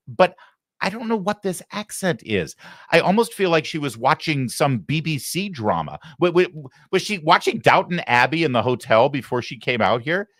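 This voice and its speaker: A man hosting a talk show, giving sarcastic, mocking commentary in an animated way. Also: mid-range voice, no room sound, studio quality. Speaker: host.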